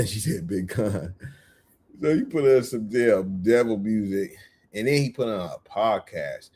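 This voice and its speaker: A man telling a casual story, animated, often laughing and repeating himself. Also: lowish voice, a little slow, slightly rough. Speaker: vlogger.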